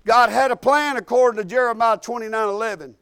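A middle-aged preacher man with a drawl and a notably high voice tells homespun stories in a loose, repetitive way. His delivery climbs into emphatic, rhythmic cadences when he quotes scripture. The sound is dry and close, with no room around it. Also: fairly even intonation, a little fast, a bit bright, smooth, dry recording. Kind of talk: informal sermon with personal stories.

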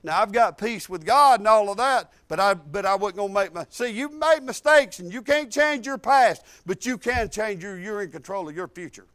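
A male preacher, delivering a sermon with repeated emphatic phrases and quiet, confiding asides. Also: sits high, expressive, normal speed, few pauses, no echo.

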